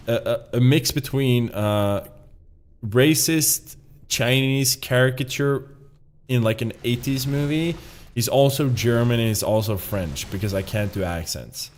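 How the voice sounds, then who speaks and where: A man's voice: mid-range voice, expressive, unhurried. A man streaming a game, chatting casually in a rambling, profane, self-mocking way. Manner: rambling, profane, laughs at himself. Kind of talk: casual live-stream commentary.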